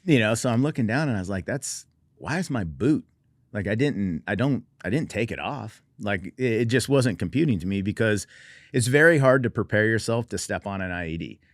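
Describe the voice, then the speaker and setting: A middle-aged military veteran from Oregon, USA, appears as a guest, telling his personal story in conversation with wry, understated self-deprecation. His fairly low, expressive voice moves fairly quickly, recorded in studio quality with no echo.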